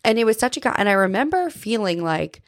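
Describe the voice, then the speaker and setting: Her voice fairly high and sing-song, a podcast host talks fairly quickly about faith in casual, earnest, confessional chat, frequently saying "like" and asking "right?" The sound is clean studio audio with no room sound.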